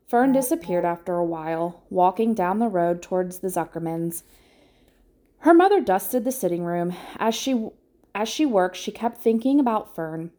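A woman reads a children's book aloud at a steady, measured pace. Her voice sits at an ordinary middle pitch, and she stumbles and restarts now and then. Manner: calm, measured, with small restarts. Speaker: audiobook reader. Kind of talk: children's audiobook narration.

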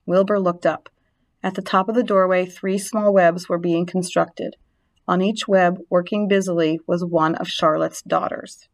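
A woman narrating a storybook reading aloud, gentle and expressive. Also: on the low side, measured pace.

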